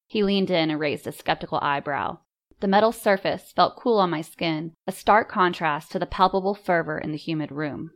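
Woman narrator, low voice, first-person scripted narration, measured and composed. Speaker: audiobook narrator.

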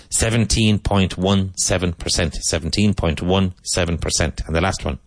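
A man leads an English vocabulary review, giving a word and then repeating it with care. His voice sits very low and moves at an easy, deliberate pace. The sound is dry, with no room around it. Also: no echo. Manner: repeats words slowly and spells them out. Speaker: English teacher. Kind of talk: slow vocabulary drill lesson.

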